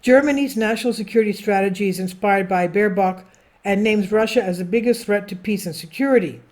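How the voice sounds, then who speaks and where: A woman's voice: mid-range voice, a little fast, a little mellow. A woman hosting a political commentary channel, reading a news article aloud with her own asides, self-corrections and stumbles over foreign names.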